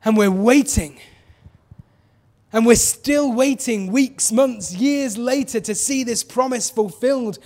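A man's voice: very high voice, slow pace, darkish tone. A man preaching a sermon in a conversational way, often asking his listeners questions.

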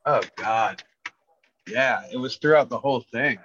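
A man on a podcast talking in casual chat, with a slight lisp from missing teeth and a halting way of speaking full of fillers. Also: mid-range voice, a bit bright, a little hiss or hum. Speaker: returning podcast guest. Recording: dry, dull lo-fi sound.

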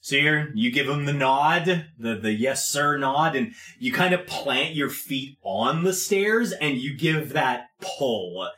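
A man's voice: mid-range voice, animated, takes it slowly, few pauses, sharp tone, echoey room. A man narrating as game master, casual and hesitant, with frequent fillers.

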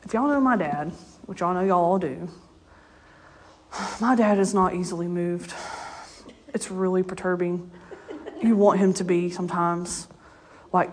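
A woman's voice: medium pitch, normal speed, pauses often, a little mellow, slight background noise. A woman preaching a casual, story-filled sermon. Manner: conversational storytelling, laughs often. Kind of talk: informal sermon.

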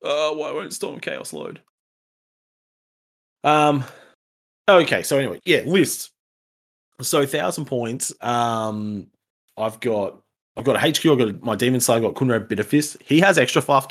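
A man's voice: mid-range voice, normal speed. A man hosting a casual podcast, rambling and swearing, often restarting his sentences.

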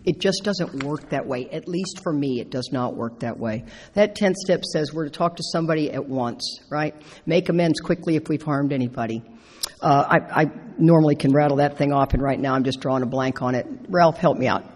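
Speaking at a recovery convention, a middle-aged woman tells a personal story from the stage of a large hall, her low, husky voice carrying a long, echoing reverb. She talks fairly quickly and animatedly, acting out her own quotes and laughing through the story.

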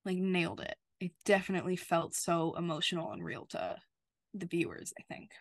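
A woman's voice: fairly low pitch, sing-song, a little fast, dry recording. A woman co-hosting a podcast, recapping a TV episode in heartfelt, gushing chat with many fillers. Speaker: podcast co-host.

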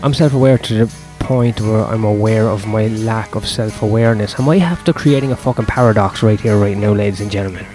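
A man's voice: fairly low pitch, brisk, hardly any pauses. A young man, a stand-up comedian talking through his gigs in a casual, profane, self-deprecating ramble, with faint music behind him. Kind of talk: casual vlog monologue.

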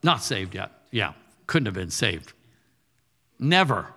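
Bright-voiced man preaching, hall echo. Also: low voice, very animated, a little slow, vocal fry. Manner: conversational, punchy, rising to forceful declarations. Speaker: pastor. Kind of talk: sermon.

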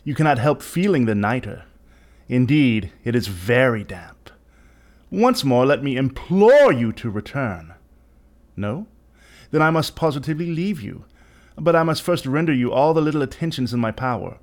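A man voicing a scheming nobleman with false courtesy in a dramatic reading, speaking in a measured, falsely caring way. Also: medium pitch, big pitch swings. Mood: coldly polite. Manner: smooth, falsely solicitous, measured.

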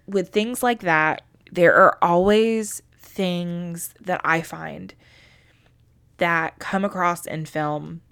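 Low-voiced woman, emotional book chat. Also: a bit bright. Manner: emotional, swears casually, many "like" fillers. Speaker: podcast co-host.

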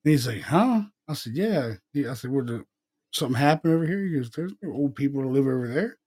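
A man's voice: mid-range voice, quick pace, mellow, husky. A middle-aged man co-hosting a podcast, telling a rambling ghost story in casual chat and acting out the dialogue. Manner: rambling, profane, retells dialogue in quotes. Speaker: podcast co-host.

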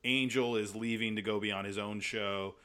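A man's voice: on the low side, moderate pace, clean tone. Rambling man on a casual podcast. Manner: rambling, animated storytelling with many fillers. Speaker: podcast co-host. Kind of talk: casual chat.

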